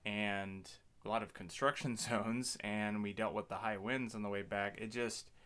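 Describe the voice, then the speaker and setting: A man in his thirties co-hosting a family podcast, talking in a steady, matter-of-fact way and adding practical details. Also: on the low side, moderate pace, smooth. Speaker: podcast co-host. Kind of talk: casual chat.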